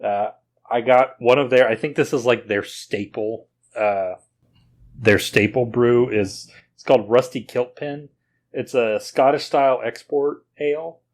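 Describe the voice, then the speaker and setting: A man's voice: medium pitch, steady tone, a little slow. A man with a slight Oklahoma twang hosting a podcast in easygoing, rambling casual chat. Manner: rambling, easygoing, many fillers. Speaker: podcast host.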